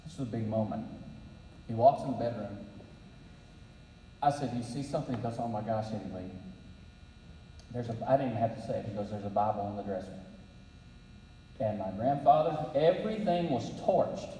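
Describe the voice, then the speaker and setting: A man's voice: lowish voice, brisk, pauses often, dark tone, slight background noise. Man telling stories in a roomy hall. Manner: storytelling, folksy, with dry humor. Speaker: breakfast speaker. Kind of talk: faith-based leadership talk. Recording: roomy hall, distant mic.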